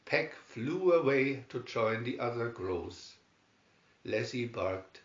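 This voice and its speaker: A man reading a children's storybook aloud in a slow, measured way. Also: medium pitch, animated. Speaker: storybook reader. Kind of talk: read-aloud storybook narration. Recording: roomy, dull lo-fi sound.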